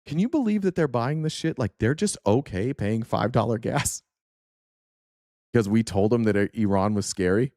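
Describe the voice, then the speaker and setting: Brief: smug gloating oil boss, deeper than usual, dry sound, as a ranting man puts him on. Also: expressive, moderate pace, mellow, dry recording, lightly acted. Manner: smug, mocking. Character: gloating middle-aged male oil executive.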